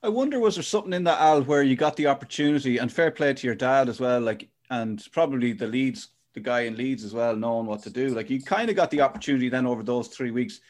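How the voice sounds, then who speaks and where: A man hosts a podcast, talking at a brisk clip. He muses aloud in a relaxed, conversational way and hedges with "you know" as he thinks. His pitch sits in the middle range. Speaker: podcast host. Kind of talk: interview questions and reflection.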